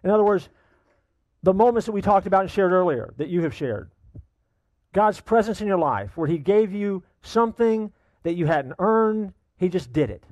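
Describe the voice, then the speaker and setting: A man's voice: sits high, expressive, normal speed, a little mellow, no echo, dull audio. A middle-aged male pastor preaching a sermon, emphatic, repeating key lines for weight.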